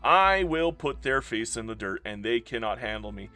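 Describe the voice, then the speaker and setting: Animated, bright-voiced man ranting at a game. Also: medium pitch, moderate pace, soft background music. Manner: outbursts of loud disbelief, then ranting and gloating. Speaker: strategy game video creator. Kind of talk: gameplay commentary.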